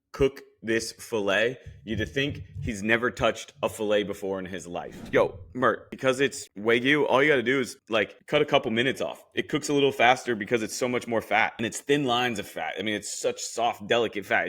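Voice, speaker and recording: Young guy doing a podcast recap, bright voice, blunt and jokey, swears a lot. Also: medium pitch. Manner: blunt, joking, swears freely, talks straight at the contestants. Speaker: podcast host recapping a cooking show. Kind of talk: casual recap commentary.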